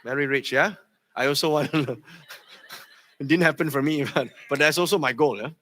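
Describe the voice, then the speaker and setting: A man with a Malaysian English accent giving a lively live seminar talk, quizzing the audience and tagging lines with "okay?". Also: on the high side, normal speed. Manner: energetic, quizzes the crowd, tags lines with "okay?". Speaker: seminar speaker.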